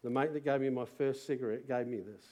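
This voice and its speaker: A middle-aged Australian man preaching to a church congregation, moving from quiet personal testimony to loud rallying calls. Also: medium pitch, quick pace. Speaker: pastor. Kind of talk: sermon testimony. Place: church service.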